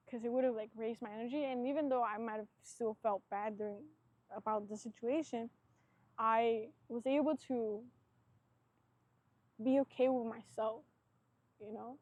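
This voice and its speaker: A woman's voice: fairly high pitch, mellow, no room sound. A woman hosting a solo podcast, talking in a rambling, reflective way and filling her sentences with "like". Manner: rambling, reflective, heavy use of "like"; earnest, self-searching. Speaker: podcast host. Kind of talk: casual solo podcast talk.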